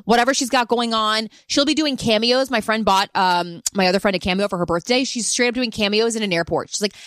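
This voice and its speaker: A woman co-hosting a podcast in casual chat, blunt and enthusiastic, with quick reactions. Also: on the high side, fairly bright tone, dry recording, clean studio sound. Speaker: podcast co-host.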